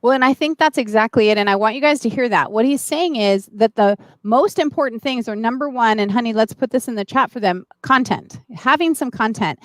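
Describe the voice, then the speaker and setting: Bright-voiced woman hosting a live stream. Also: a little high, a little fast, hardly any pauses, dry recording. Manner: enthusiastic, addresses viewers directly. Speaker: host.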